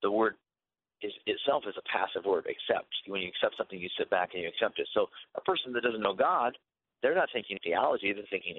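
A man's voice: on the low side, fast. A man speaking as a guest on a Christian radio talk show, earnest and preachy, often repeating words as he restarts. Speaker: guest author on Christian faith. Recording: narrow phone-like radio sound.

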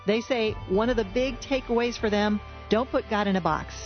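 A woman's voice: on the high side, moderate pace, dull audio, faint music behind. A woman host narrating and summarizing a couple's story. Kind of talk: scripted narration.

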